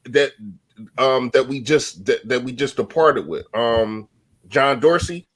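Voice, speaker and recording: A man co-hosting a sports call-in show, relaxed, with a lot of stammered restarts. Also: mid-range voice, slow pace. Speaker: co-host. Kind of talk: casual sports chat.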